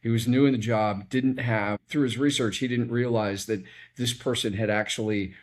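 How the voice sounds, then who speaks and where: A man's voice: medium pitch, steady tone, normal speed. A man hosting an interview, responding thoughtfully and adding his own example. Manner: reflective, builds on the guest's stories with his own example. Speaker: interview host. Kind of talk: casual interview.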